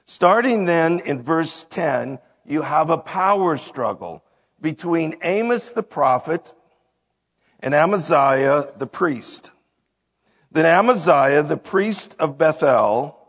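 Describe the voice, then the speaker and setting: A man's voice: on the high side, husky. A man giving a sermon, reading verses aloud and then explaining them in plain words. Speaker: preacher. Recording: long hall reverb.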